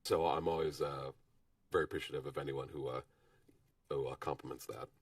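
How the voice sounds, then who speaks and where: Husky low-voiced man, hoarse from a cold. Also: fairly even intonation, no room sound, recorded from a distance. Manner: modest, halting with frequent fillers. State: hoarse from illness. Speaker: guest viewer on a livestream. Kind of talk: casual chat.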